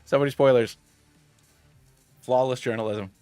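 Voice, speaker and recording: A man in his thirties streaming a game, chatting casually in a rambling, excitable way with many restarts and tangents. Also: mid-range voice, moderate pace, clear, resonant tone, no room sound, soft background music. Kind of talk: casual gaming stream chat.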